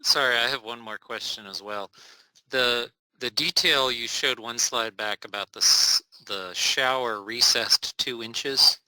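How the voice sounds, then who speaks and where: A man's voice: medium pitch, a little slow, pushed and bright, poor audio. A man in the audience politely asking a presenter a detailed question.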